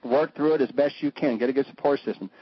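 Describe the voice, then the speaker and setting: Husky, theatrical man, radio guest; slightly high, dry lo-fi radio sound. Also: fast, no room sound. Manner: flamboyant, jokey, swoops into high mock voices. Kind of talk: animated talk-radio chat. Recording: dull lo-fi radio audio.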